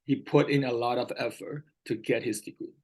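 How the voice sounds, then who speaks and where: A man's voice: medium pitch, steady tone, moderate pace, darkish tone, slightly rough, low-quality recording. A man tutoring English one-on-one, patiently repeating key words and often checking whether his student understands. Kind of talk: one-on-one vocabulary lesson.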